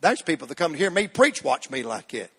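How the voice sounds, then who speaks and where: A man preaching a sermon, rising to shouts and dropping to near whispers. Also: fairly high pitch, very animated, fairly quick, slightly rough. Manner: Southern preaching cadence, swinging from shouts to hushed tones. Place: church sanctuary. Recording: long hall reverb.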